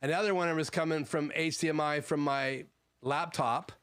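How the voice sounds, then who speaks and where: Male streamer, clear voice pitched a touch high, relaxed gear-talk from a home studio. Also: moderate pace. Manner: conversational, frequent "um" fillers, explanatory. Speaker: livestream host. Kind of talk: casual gear talk answering live chat.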